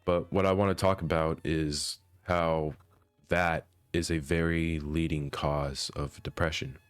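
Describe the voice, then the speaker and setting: A young man reading a personal diary entry aloud and then reflecting on it, in a soft, earnest, hesitant way that often trails off quietly. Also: rumbling low, little pitch movement, unhurried, clean tone, no room sound. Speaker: vlogger. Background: faint instrumental music.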